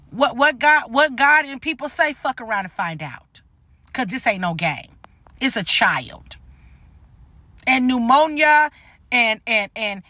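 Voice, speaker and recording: A woman's voice: fairly high pitch, sharp tone, dry recording. A woman in a blunt, preachy rant, scolding her viewers and cursing freely. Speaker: online commentator. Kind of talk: ranting monologue to viewers.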